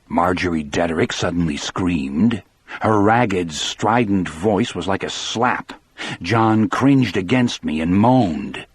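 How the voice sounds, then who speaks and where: Man, first-person audiobook narration, low husky voice, dry close sound, steady. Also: slow, no room sound.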